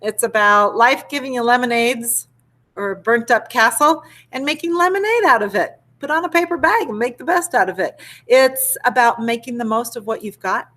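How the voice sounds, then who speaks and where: A woman teacher reading a picture book aloud to children with expressive, animated storytelling. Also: on the high side, moderate pace. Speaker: elementary school teacher.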